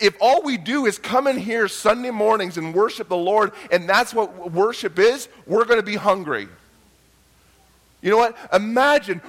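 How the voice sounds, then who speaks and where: High-voiced man preaching a sermon. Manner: emotional storytelling, swings from hushed to loud. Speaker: pastor.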